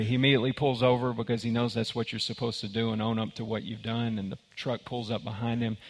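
A man's voice: medium pitch, vocal fry. A man preaching a sermon, emphatic, often repeating words and restarting as he builds his point. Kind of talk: sermon with a told joke. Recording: long hall reverb.

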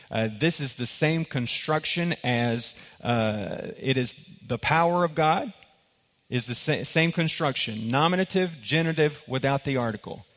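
A man's voice: medium pitch, a bit bright. A man preaching a sermon, emphatic, often repeating words and restarting as he builds his point. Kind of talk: sermon with a told joke. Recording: long hall reverb.

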